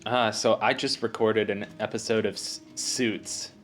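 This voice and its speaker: Slow-talking low-voiced man, casual gamer. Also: fairly even intonation, fairly bright tone. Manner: rambling, halting, self-deprecating. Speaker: let's play host. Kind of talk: casual gameplay commentary. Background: faint game music.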